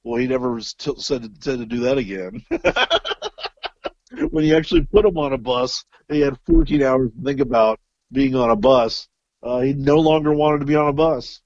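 A man's voice: medium pitch, expressive, moderate pace, dry recording, dull audio. A man telling a long, profane story as an interview guest, full of fillers and restarts. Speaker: guest musician. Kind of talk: casual storytelling.

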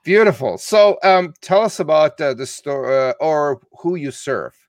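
A man's voice: on the high side, animated, unhurried, no echo, clean studio sound. A man from Canada hosting a casual online interview, friendly and chatty with many "uh"s, still in his morning voice. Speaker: interview host.

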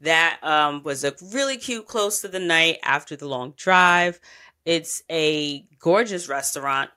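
A woman chats through her travel stories with a bright, forward tone. She is candid and animated, and her talk is full of slang and curse words as she recaps her meals and outings. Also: sits low, clear, resonant tone. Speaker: travel podcast host. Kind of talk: casual travel storytelling.

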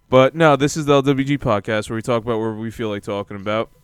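A man's voice: mid-range voice, smooth, dry recording, studio quality. A man hosting a casual podcast, joking in a laid-back way and laughing often. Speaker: podcast host. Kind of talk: casual chat.

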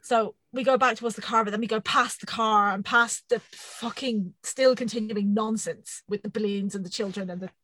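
A woman in her thirties telling a funny story on a podcast, animated and self-mocking, swearing often. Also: mid-range voice, normal speed, few pauses, dry recording, low-quality recording. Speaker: podcast co-host. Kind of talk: casual storytelling chat.

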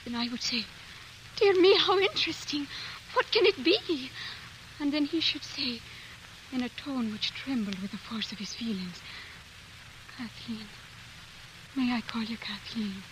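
A woman's voice: high-pitched, lively intonation, moderate pace, background noise. An actress playing a playful young woman in a 1940s radio drama, coy and teasing.

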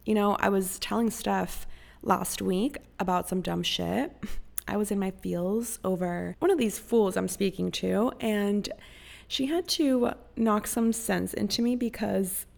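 A woman's voice: medium pitch, unhurried, gravelly. A young woman from Costa Rica hosting a podcast, giving casual motivational advice in a frank, profane, pep-talk manner. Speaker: podcast host.

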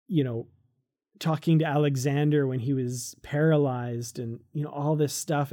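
Podcast co-host, chatty and enthusiastic, mellow tone, mid pitch, laughs a lot. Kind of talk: casual chat reviewing a comic.

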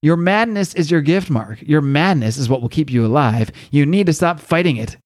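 A man's voice: on the high side, animated, normal speed, a little mellow, no echo, studio quality, close to an everyday voice. A man voicing a cryptic, commanding male Egyptian moon god while retelling a comic on a podcast. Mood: urging.

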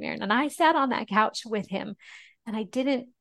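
Gravelly-voiced woman sharing an earnest testimony. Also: a little high. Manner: earnest and emotional, often slowing down and softening. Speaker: podcast guest, ministry founder. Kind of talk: personal testimony in a podcast interview.

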